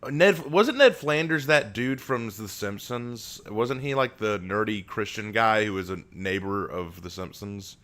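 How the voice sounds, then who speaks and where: A man's voice: fairly low pitch, measured pace, hardly any pauses, fairly bright tone. A man hosting a casual live stream from home, chatting with viewers and reading their messages aloud.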